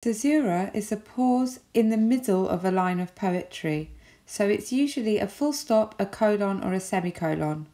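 A woman with an English accent, giving a recorded lesson as a teacher with clear, measured explanations. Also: mid-range voice, expressive, dark tone.

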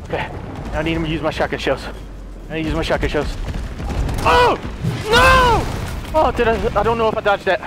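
A man giving let's play commentary on a horror game, excitable, yelping and taunting the enemy. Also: on the high side, very fast, background noise. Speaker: gamer playing a horror game.

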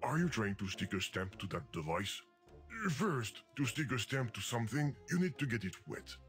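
A man's voice: mid-range voice, animated, normal speed, fairly bright tone, close to an everyday voice. A man voicing the game itself, a fussy, exasperated entity that scolds the player. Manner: exasperated scolding, mock despair. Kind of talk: video game voice acting. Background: game music.

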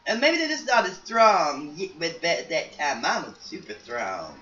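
A woman's voice: low voice, very animated, a little slow, a bit bright, exaggerated voice. A woman voicing a chatty psychic grandmother in a life-sim game story, rambling and folksy with many restarts. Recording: roomy, distant, dull sound with faint noise.

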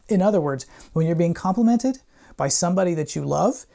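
Male professor, classroom lecture, mellow dark tone, irreverent slangy asides, theatrical quote readings. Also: fairly high pitch, animated, brisk, vocal fry.

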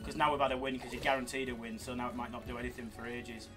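A man hosting a live slots stream, joking with his co-host and reacting loudly to spins. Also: mid-range voice, flat delivery, very fast. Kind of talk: live-stream casual banter. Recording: music playing behind.

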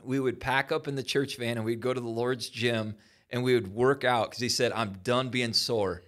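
Encouraging pastor, folksy storyteller. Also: male voice, mid-range voice, little pitch movement, a little fast. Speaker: pastor hosting a church podcast. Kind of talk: casual chat.

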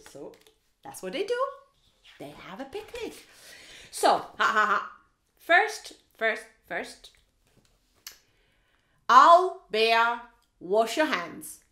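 Woman teacher reading to kids: high, bright, slow and very lively, playful sound effects, echoey room. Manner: animated, playful, with mouth sounds and sing-song asides. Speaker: teacher and storyteller. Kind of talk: reading a picture book aloud to children.

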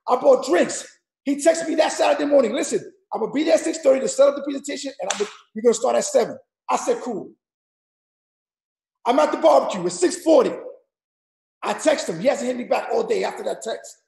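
Brief: loud, high-voiced man firing up a sales team in an echoey room, gravelly edges, drills every point twice. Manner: loud, repetitive, drilling the audience with numbered points; street-slang preaching, rough gravelly shouting. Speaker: network marketing leader. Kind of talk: shouted motivational speech.

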